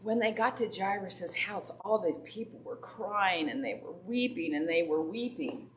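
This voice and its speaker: A Sunday school teacher tells children a Bible story and asks them questions, her mid-range voice moving at a normal speed. She is recorded from far off in an echoey room with faint background noise.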